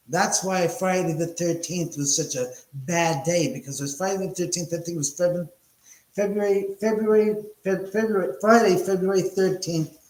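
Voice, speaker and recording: Rambling man hosting a livestream. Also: fairly high pitch. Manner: rambling, self-correcting storyteller. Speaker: livestream host. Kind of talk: casual livestream chat. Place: house, indoors. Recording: echoey room.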